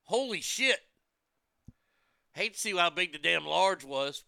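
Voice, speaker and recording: A man's voice: high-pitched, expressive, a little slow, creaky, sharp tone, no room sound. A man rambling casually about food, movies and wrestling, blunt and profane, with many restarts. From United States.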